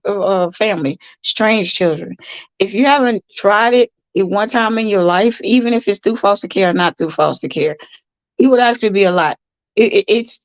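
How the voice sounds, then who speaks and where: A woman hosts a casual livestream and talks straight to her viewers. She speaks earnestly and chattily and repeats phrases for emphasis. Her voice sits at a medium pitch, and the close, dry sound has no room echo. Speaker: livestream host and foster parent. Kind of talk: casual livestream chat reading comments.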